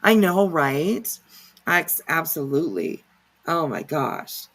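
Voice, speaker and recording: A woman's voice: deep voice, very animated, slow pace, fairly bright tone. A woman hosting a casual reaction livestream, rambling and sarcastic with lots of fillers and swearing. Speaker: livestream commentary host.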